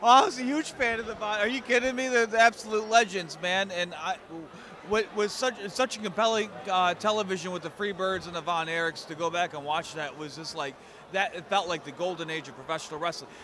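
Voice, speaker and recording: A man's voice: high voice, steady tone, a little fast. Chatty man, crowd noise behind. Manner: friendly and chatty, repeats words and says "man" often. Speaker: professional wrestler guest. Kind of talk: casual interview answers. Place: outdoors at a busy fan convention.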